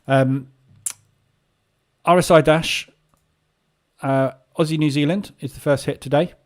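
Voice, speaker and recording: The host of a live trading session delivers market commentary in a relaxed, meandering way, filled with filler sounds. His fairly high voice stays steady at a measured pace.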